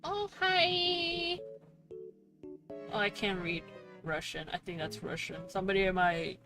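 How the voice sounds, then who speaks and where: A woman's voice: medium pitch, measured pace, over music. A woman streaming a game and chatting casually with her viewers, swearing freely and laughing often. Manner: profane, laughing, talks to chat. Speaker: VTuber streamer.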